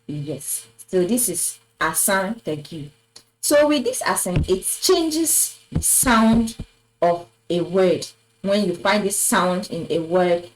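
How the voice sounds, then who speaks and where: A woman's voice: mid-range voice, low-quality recording. A woman teaching a French lesson at a board, patiently repeating words and praising with "très bien". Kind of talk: slow classroom lesson at a board. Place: classroom with a board.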